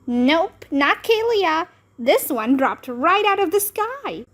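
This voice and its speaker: A woman voicing an excitable, bossy young girl in a storybook. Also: very high-pitched, a little slow, voice pushed up. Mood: excited. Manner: eager, bright, persuasive.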